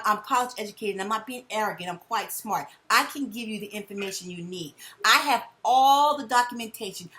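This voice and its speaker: A woman's voice: fairly high pitch, bright, forceful tone. A woman on a heated phone call reporting a crime, insistent, stammering and repeating words as she presses her point. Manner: insistent, repeats words, keeps saying sir.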